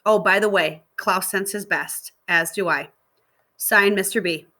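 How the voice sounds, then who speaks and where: Woman voicing a gentle encouraging male teacher, reassuring, bright, clear tone, storybook read-aloud. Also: medium pitch, steady tone, measured pace. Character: kind male middle school teacher, encouraging.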